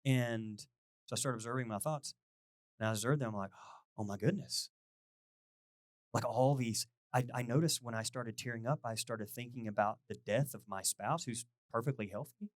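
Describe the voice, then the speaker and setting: A middle-aged male pastor giving a chatty, animated sermon, poking fun at himself and acting out little conversations. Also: mid-range voice, fairly quick, no room sound, clean studio sound. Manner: animated, self-deprecating, quotes people in lively voices.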